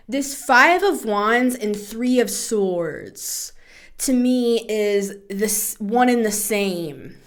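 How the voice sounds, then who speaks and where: A woman in her thirties hosting a tarot podcast, talking in a casual, chatty way, animated, laughing and swearing freely. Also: a little high, takes it slowly. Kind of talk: casual spoken tarot reading.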